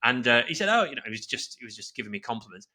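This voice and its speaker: 40s guy co-hosting a podcast, rambly casual chat, tense bright tone. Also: medium pitch, very fast. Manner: rambling and chatty, with many restarts. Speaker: podcast co-host.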